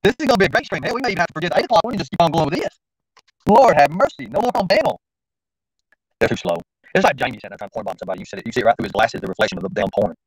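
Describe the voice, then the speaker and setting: This livestream host talks very fast in a highish, breathy voice that swings widely in pitch. He rambles in slang and mutters to himself as he works the stream. The audio is poor with no room sound.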